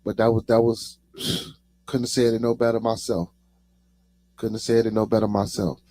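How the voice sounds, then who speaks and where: A man's voice: on the low side, flat delivery, moderate pace, dark tone, dry recording. A man with a Chicago accent hosting his own podcast, talking casually to his chat and saying "man" after nearly every phrase. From United States. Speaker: podcast host.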